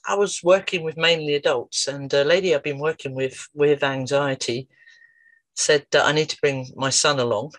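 A woman therapist telling a story in a lively, animated way, her voice jumping up when she retells a scene. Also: sits low. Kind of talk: storytelling talk to camera.

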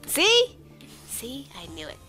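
Chatty, giggly wife; lively, bright-pitched delivery. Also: female voice, slow. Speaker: gamer's wife watching along. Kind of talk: casual chat over gameplay. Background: game music and sounds.

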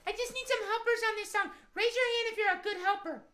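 A woman voicing a tiny squeaky squirrel puppet. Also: steady tone, quick pace. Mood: cheerful. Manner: gentle, timid and eager. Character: shy sweet little male squirrel puppet. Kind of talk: children's puppet show.

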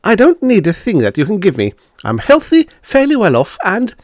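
A man's voice: medium pitch, huge pitch swings, normal speed, no room sound, clean studio sound. A man voicing an indignant thirty-eight-year-old spinster who snaps sharply, in a storybook reading. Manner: sharp, snapping.

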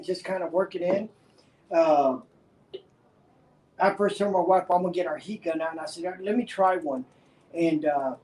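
A man's voice: on the high side, a little mellow, slight background noise. A middle-aged man co-hosting a furniture livestream, explaining his work in a rambling way with lots of "you know". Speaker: co-host working on furniture. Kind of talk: casual livestream chat. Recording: roomy workshop sound.

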